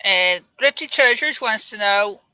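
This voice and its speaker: A woman hosting a live show, briskly reading viewer questions to a guest. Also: mid-range voice, animated, bright, forceful tone, clear, resonant tone, dry recording. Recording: dull, dry lo-fi audio.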